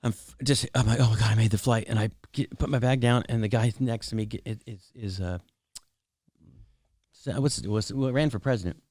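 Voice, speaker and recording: Animated middle-aged male comedian telling stories. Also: medium pitch, normal speed, no room sound, studio quality. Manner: animated, acts out voices in anecdotes, laughs often. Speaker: comedian guest. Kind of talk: casual chat, storytelling.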